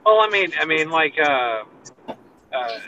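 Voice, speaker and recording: A man's voice: fairly high pitch, very animated, a little slow, bright, forceful tone, lo-fi sound, slight background noise. A man from Texas with a Texan accent, chatting casually from a parked car, rambling with lots of fillers. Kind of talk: casual chat.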